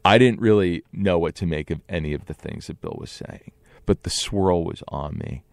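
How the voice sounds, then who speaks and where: A man's voice: deep voice, normal speed, no echo. A man telling a personal story in an earnest, conversational way, often restarting his sentences. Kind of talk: first-person storytelling monologue.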